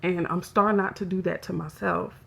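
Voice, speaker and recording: A woman speaking in a hesitant, halting way as she records a confessional personal vlog, emotional and close to tears. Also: fairly low pitch, fairly even intonation, creaky, slightly rough. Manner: hesitant, halting, soft-spoken. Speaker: vlogger.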